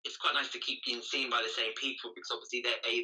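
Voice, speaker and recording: A man's voice: medium pitch, little pitch movement, fast talker, pushed and bright, far from the mic, rough recording. A man chatting as a podcast guest, telling running stories with frequent restarts. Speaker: podcast guest, charity runner. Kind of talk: casual interview chat.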